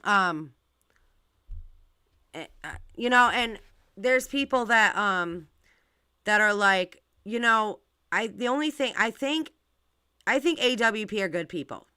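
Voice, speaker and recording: A woman's voice: mid-range voice, animated, takes it slowly, long pauses, pushed and bright, clean tone, no echo. A woman hosting her channel, talking casually and directly to her viewers with lots of fillers and restarts. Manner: rambling, filler-heavy, talks to viewers directly. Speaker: channel host. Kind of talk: casual live-stream commentary.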